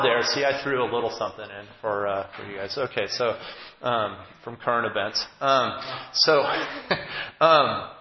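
Chatty joking preacher in an echoey hall. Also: male voice, mid-range voice. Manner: chatty, joking asides, trailing restarts. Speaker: pastor. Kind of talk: conversational sermon. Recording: echoey hall, dull lo-fi, faint noise.

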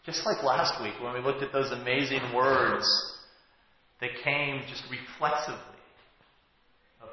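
Speaking at a moderate pace with fairly even intonation and a medium pitch, a forties-aged pastor gives a chatty sermon, often cutting himself off to start sentences over. Echo from the hall and a dull, lo-fi quality color the recording.

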